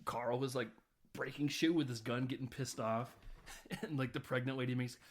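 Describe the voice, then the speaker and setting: A man's voice: medium pitch, steady tone, moderate pace, slight background noise. A man co-hosting a film podcast, casually recapping scenes in a loose, rambling way full of fillers. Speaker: podcast co-host.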